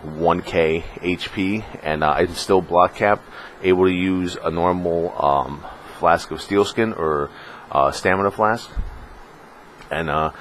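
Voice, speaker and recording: A man talking casually on his late-night gaming vlog, rambling and excitable, full of fillers. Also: sits low, slight background noise. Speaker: gaming vlogger. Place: home room in California.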